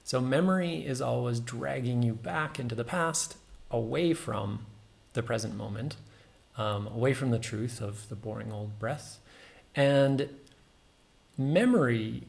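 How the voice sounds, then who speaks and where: A man's voice: medium pitch, measured pace, gravelly. A man giving a casual, musing meditation talk, full of fillers and small self-amused laughs.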